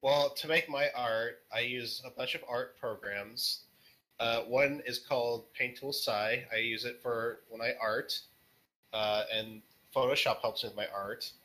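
A man being interviewed as a guest artist on a casual podcast, answering in a rambling, jokey, halting way. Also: mid-range voice, steady tone, pushed and bright, rough recording.

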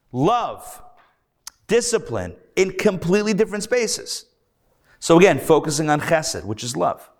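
Guy rabbi giving a lecture to a room, kinda higher voice, lively and jokey. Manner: lively, animated storytelling with playful asides. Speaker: rabbi teaching a class. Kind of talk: live classroom lecture. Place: teaching center classroom.

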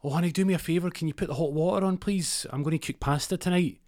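A man doing a high sing-song woman. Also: fast talker, darkish tone, close to an everyday voice. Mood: sweet. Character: woman calling sweetly to her partner at home.

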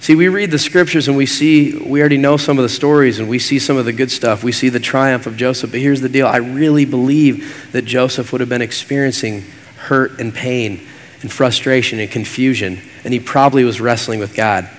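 A man's voice: medium pitch, steady tone, brisk. Man preaching in a reverberant hall. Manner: earnest, repetitive preaching cadence. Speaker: pastor. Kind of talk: sermon.

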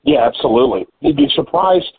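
A man's voice: medium pitch, animated, a little fast, slightly rough. A man hosting a casual business interview, talking in a loose, conversational way with fillers and repeats. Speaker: podcast host. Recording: phone-like call audio.

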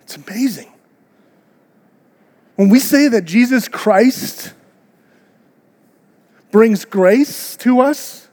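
Speaking to his congregation with rhetorical questions, a male pastor gives an earnest, conversational sermon in an extremely high, slightly mellow voice. The church auditorium lends the recording a long hall reverb.

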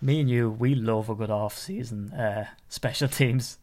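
A man hosts a casual sports podcast with energetic, teasing banter. He sounds chatty and lively. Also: mid-range voice, a little slow. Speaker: podcast host.

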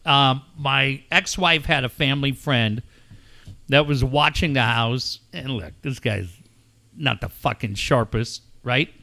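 Brief: middle-aged guy, bright lively voice, profane storyteller. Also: medium pitch, vocal fry. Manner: animated, swears often, acts out quoted shouts. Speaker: show regular telling a story.

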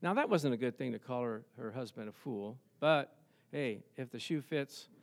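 A man preaching a sermon, telling the story with lively rhetorical questions and chuckles. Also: mid-range voice, normal speed. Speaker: pastor.

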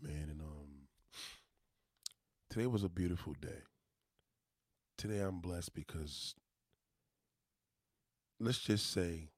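Husky low-voiced New York man. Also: no room sound, clean studio sound. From New York City. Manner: loose, profane, rambling street talk with motivational asides. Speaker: vlogger. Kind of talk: casual monologue to viewers.

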